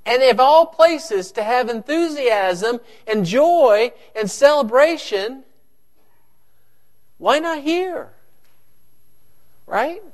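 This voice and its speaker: A man preaching a sermon to his congregation, animated and joking with the listeners. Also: very high-pitched, very slow, pauses often. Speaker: pastor.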